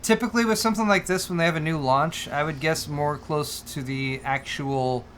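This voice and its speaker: Co-host, male, slightly higher voice, relaxed and chatty with lots of laughs. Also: moderate pace, a little hiss or hum. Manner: easygoing, laughs often, stumbles over words. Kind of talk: casual chat, livestream.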